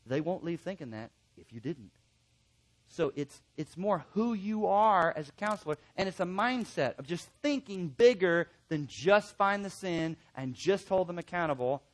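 A man teaching a class of counselors in an animated way, repeating key points for emphasis and acting out quoted remarks. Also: fairly high pitch. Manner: emphatic repetition. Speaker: counseling instructor.

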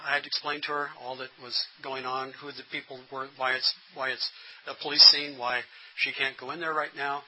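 Bright-voiced earnest male instructor. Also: medium pitch, slight background noise, low-quality recording. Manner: earnest, plain-spoken, frequent restarts. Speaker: instructor training pastors. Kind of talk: workshop lecture.

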